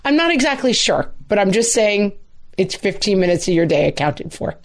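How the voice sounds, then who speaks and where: A woman in her thirties co-hosting a casual podcast chat, telling stories in a wry, animated way. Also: medium pitch, normal speed. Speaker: podcast co-host.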